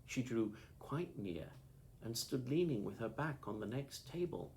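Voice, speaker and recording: A man narrating an audiobook with lively, expressive storytelling, over a faint background hiss. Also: medium pitch, measured pace, poor audio. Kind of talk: audiobook reading.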